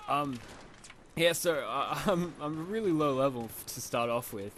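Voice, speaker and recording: A man's voice: on the high side, animated, measured pace, fairly bright tone, slight background noise. A young Australian man with a slight lisp and a sniffly nose, rambling casually over his gameplay with lots of fillers. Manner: rambling, self-deprecating, many fillers. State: sniffly from hay fever. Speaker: gamer.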